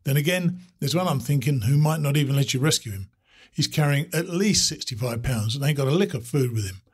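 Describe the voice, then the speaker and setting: A wry old hand of the trail , read aloud by a man, trading dry jokes over coffee. His voice is husky and rough-edged, his humor teasing and easy. It sounds like a storybook read aloud. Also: mid-range voice, animated, brisk. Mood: wry, joking. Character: wry, easygoing male trail veteran joking over coffee.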